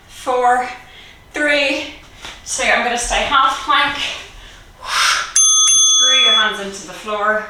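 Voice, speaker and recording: A woman coaching a live online kettlebell workout, encouraging and out of breath, cueing reps with quick laughs. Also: on the high side, distant mic, background noise. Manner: encouraging, breathy between cues, laughs often. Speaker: kettlebell fitness instructor. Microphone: video call. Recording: echoey room, voice a bit off-mic.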